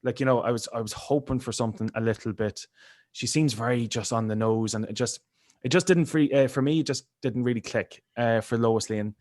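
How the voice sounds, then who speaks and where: Man, podcast co-host, animated, opinionated, video call. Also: medium pitch, brisk. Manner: animated, acts out reactions with big voices. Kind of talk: casual chat over video call.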